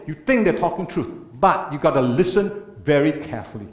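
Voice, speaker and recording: Lively, emphatic man lecturing in a church. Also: on the high side, a little fast, hardly any pauses. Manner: earnest, emphatic lecturing with rhetorical questions. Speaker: speaker. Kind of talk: church talk. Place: church hall. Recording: echoey church room.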